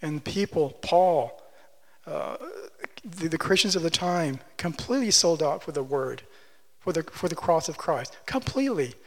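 A man preaching a sermon, building to loud, emphatic passages and dropping back to quiet, plain reading of scripture. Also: a little high, lively intonation, unhurried. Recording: long hall reverb.

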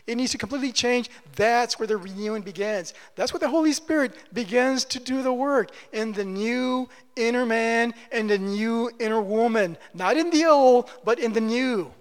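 A man preaching a sermon as pastor, repeating key phrases and moving between loud emphatic lines and quiet, low asides. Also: normal speed, hardly any pauses, big-room sound.

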